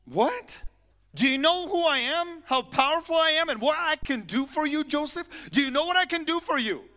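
A man voicing a haughty, pushy woman who boasts of her power, in a raised falsetto. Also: expressive, moderate pace, pushed and bright, heavily acted. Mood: indignant. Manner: indignant, boastful.

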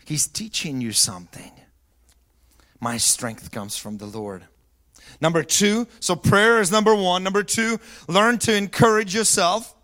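High bright voiced pastor guy preaching, goes quiet then yells. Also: lively intonation, measured pace. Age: middle-aged or older. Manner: swings from soft and low to yelling at high pitch. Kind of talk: sermon.

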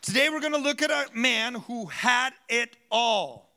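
A man preaching a sermon as a pastor, telling self-mocking stories, laughing often and rising to loud bursts. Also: very high voice, lively intonation, a little slow, some chatter behind, a little hiss or hum.

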